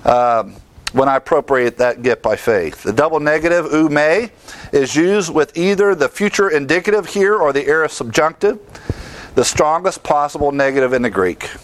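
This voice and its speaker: A man's voice: fairly high pitch, animated, normal speed, no room sound. Man teaching Bible verses conversationally. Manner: conversational, repeats key words for emphasis; rattles off verse references in lists.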